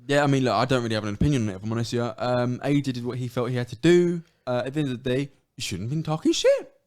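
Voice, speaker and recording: A podcast co-host chats casually in laid-back banter, calling people "bro" over and over. His mid-range voice is darkish yet clean, and he talks very fast.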